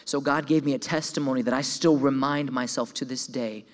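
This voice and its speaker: A man's voice: medium pitch, a little fast. A young man giving a sermon testimony, telling his story with animation and stumbling over repeated words. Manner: animated storytelling, voices his own quoted thoughts; repeats words when excited. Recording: long hall reverb.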